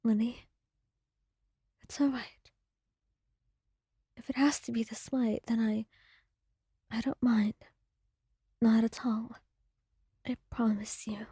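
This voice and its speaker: A woman voicing a dying, gentle partner in a faint, weak whispered role-play. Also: fairly high pitch, fairly even intonation, takes it slowly, pauses often, husky, no echo, studio quality, heavily acted. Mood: fading.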